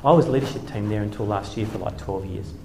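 A man's voice: on the low side, quick pace, background noise. Middle-aged man, wry self-deprecating storyteller on stage, echoey hall. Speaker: speaker, former church leader. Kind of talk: humorous storytelling talk. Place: hall with a live audience.

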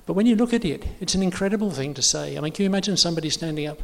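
A man's voice: sits high, animated, very fast, creaky. A man preaching in an informal teaching talk, chatty and self-correcting with many fillers. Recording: long hall reverb.

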